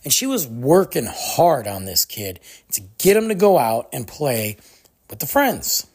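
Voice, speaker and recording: A gravelly, husky podcast host talking solo. The voice swings widely up and down as it rants through a story, slipping into the voices of the people being quoted. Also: mid-range voice, measured pace. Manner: animated ranting storyteller.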